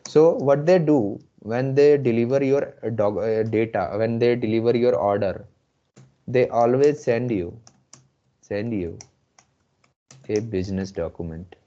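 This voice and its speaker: Male instructor with Indian English accent, slow repetitive delivery, lo-fi online class sound. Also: mid-range voice, dark tone. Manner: slow, repeats phrases often. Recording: muffled lo-fi audio.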